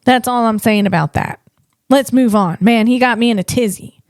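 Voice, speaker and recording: A woman comedian hosting a tech podcast, talking in an animated way and tripping over her words. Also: fairly high pitch, moderate pace, dry recording, clean studio sound. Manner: animated, stumbling over words, acts out voices.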